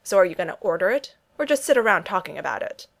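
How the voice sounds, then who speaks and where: A woman's voice: fairly low pitch, sing-song, fast talker, vocal fry, heavily acted. A woman voicing a wisecracking male soldier friend who teases and challenges the others in a storybook reading. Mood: challenging.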